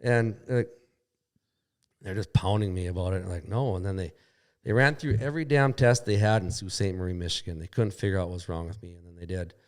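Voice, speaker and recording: Guy, low voice, casual storytelling, kinda wry and cussy. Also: a little fast. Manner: plainspoken, mildly profane, wry. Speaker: podcast guest, snowmobile racer.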